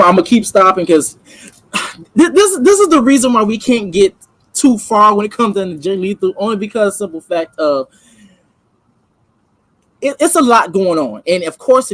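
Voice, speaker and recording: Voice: mid-range voice, fairly bright tone, no echo, low-quality recording. A channel host giving casual, emphatic reaction commentary, full of slang and asides to viewers.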